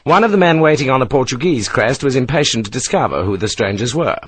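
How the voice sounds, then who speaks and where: A man reading an audiobook in a steady storytelling manner. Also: mid-range voice, quick pace, husky. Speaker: audiobook narrator. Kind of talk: scripted narration.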